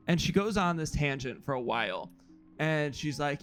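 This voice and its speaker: High-voiced man rambling on stream. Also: lively intonation, a little fast, faint music behind. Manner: rambling, chuckling storyteller. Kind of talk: casual stream chat.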